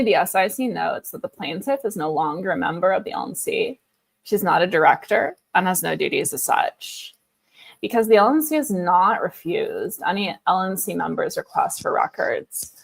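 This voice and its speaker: A woman co-hosting a livestream, reading a formal report aloud line by line in a steady, even manner. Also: fairly low pitch, gravelly, husky. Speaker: co-host reading a document aloud.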